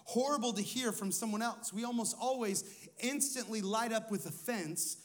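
A man's voice: very high-pitched, moderate pace. A man who is a lead pastor, preaching a sermon in a conversational way, asking his listeners questions and telling personal stories.

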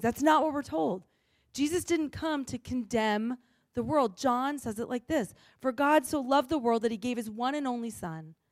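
A woman pastor preaching a sermon in an earnest, emphatic way with pauses. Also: fairly high pitch, no echo, studio quality.

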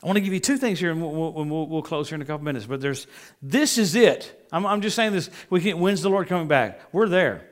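A middle-aged man preaching a sermon, animated and jokey, swinging between loud declarations and hushed, intimate stretches. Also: fairly high pitch, brisk.

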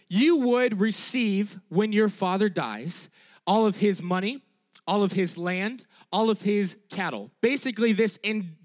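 A man preaching a sermon in an animated, emphatic way, repeating key phrases and checking in with "all right?" after many sentences. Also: sits high.

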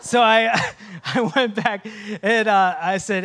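A male pastor in his late thirties from Minnesota, preaching with self-mocking humor before a quiet, prayerful close. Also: high voice, slow pace. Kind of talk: sermon.

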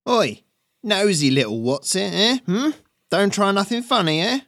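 A man voicing a jittery, drugged male bandit who taunts roughly in a raised voice. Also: high-pitched, lively intonation, measured pace, fairly bright tone, dry recording, clean studio sound, pitched above the performer's own voice, full character voice. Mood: taunting.

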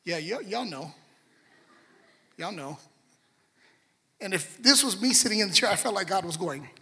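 A high, bright man preaches in a lively storytelling sermon, slipping into voices for each character. His voice has a husky edge. It rings with a long reverb through a large hall. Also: normal speed. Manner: animated, acts out voices in dialogue. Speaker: pastor.

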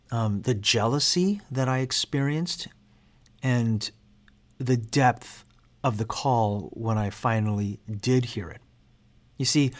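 Earnest man lecturing on his calling. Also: mid-range voice. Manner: earnest, reflective, self-deprecating. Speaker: seminary instructor. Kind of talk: personal testimony in a lecture.

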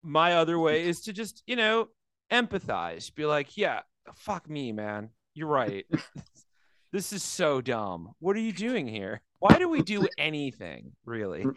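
A man's voice: on the high side, wildly swooping pitch, measured pace, fairly bright tone, no room sound. A man chatting casually as a comedian co-host, acting out quotes in different voices and swearing freely. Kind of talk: casual podcast chat.

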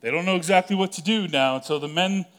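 A man pastor delivering a sermon in a conversational style, with casual asides and quick acted-out quotes. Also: high voice, fairly bright tone.

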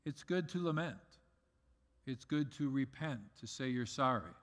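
A middle-aged man preaching a sermon as pastor, earnest, swinging between loud emphasis and soft asides. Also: medium pitch, lively intonation, measured pace. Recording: long reverb of a large hall.

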